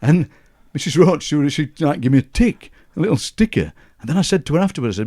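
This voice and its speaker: A man's voice: medium pitch, animated, quick pace, few pauses, warm tone. A man in his sixties with a Barnsley Yorkshire accent, a guest poet telling chatty anecdotes and chuckling through his stories. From Yorkshire, England. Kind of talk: anecdotal conversational storytelling.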